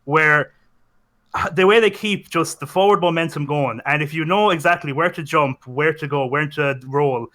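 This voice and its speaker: A man's voice: a little high, normal speed, pushed and bright. A young man in casual podcast chat, rambling and correcting himself, enthusiastic about games. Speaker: podcast co-host.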